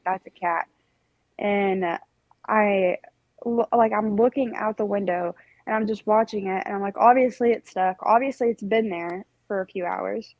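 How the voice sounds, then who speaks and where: A woman's voice: medium pitch, dry recording, highs cut off. Young woman telling a long story on a podcast, chatty and rambly, dry mic. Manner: rambling, animated storytelling with laughs. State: recovering from strep throat. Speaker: podcast co-host. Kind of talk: casual chat, storytelling.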